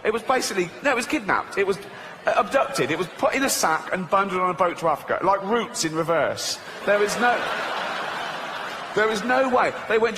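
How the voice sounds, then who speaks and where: A male stand-up comedian tells a story in a dry, halting way, full of "um"s. His pitch sits a little high and moves a lot. A long hall reverb trails his voice, with faint room noise behind it. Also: expressive. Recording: echoey hall.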